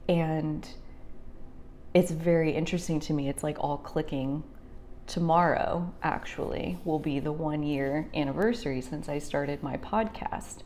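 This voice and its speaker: A young woman talking through a heartfelt personal reflection, rambling with many fillers and sometimes dropping to a soft near-whisper. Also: sits low, a little slow, slight background noise. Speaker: spiritual vlogger.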